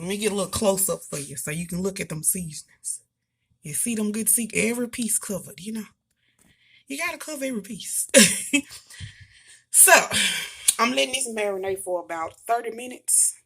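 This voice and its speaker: A woman with a Southern US accent from Mississippi, chatting casually and homey to her viewers as she cooks in her home kitchen. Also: mid-range voice. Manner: chatty, homey, talks straight to viewers as y'all and honey. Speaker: cooking vlogger. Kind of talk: casual cook-along chat.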